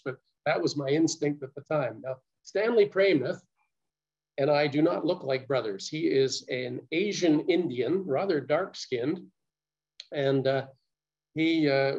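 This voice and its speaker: An older man recounting his story as a guest speaker, earnest and measured, with small stammers. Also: medium pitch, a little mellow. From Canada. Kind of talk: personal storytelling talk. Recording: muffled lo-fi recording.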